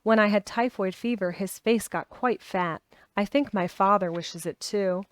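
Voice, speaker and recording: A woman reading aloud voices a sickly, bedridden young boy who talks crossly and resentfully, jumping up into high outbursts. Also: a little slow, close to an everyday voice.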